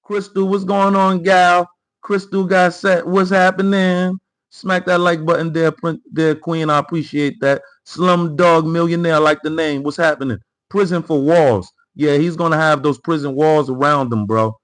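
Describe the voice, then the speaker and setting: Male host of a live commentary stream, pitched a touch high; emphatic, repeats himself, riffs on chat comments. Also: steady tone, normal speed, poor audio. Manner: emphatic, repeats phrases and talks straight to the chat. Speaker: livestream host.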